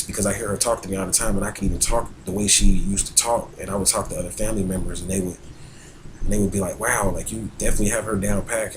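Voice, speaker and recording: A man with a lowish voice gives a loose, conversational talk as an astrologer. He rambles and circles back on himself, leaning on fillers and restarts. Faint noise hums under the recording. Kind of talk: casual spoken talk on astrology.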